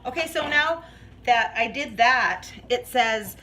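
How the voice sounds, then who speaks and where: A woman's voice: a little high, animated, slow, sharp tone, a little hiss or hum, rough recording. A woman vlogging as she bakes in her home kitchen, chatting in a rambling way and laughing often. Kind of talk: casual chat while baking.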